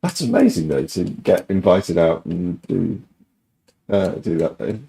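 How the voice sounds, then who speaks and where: A man's voice: sits low, big pitch swings, unhurried, gravelly, mellow. A man hosting a livestream, asking hesitant, rambling questions and dropping in short encouraging replies. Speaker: livestream host. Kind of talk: casual interview chat.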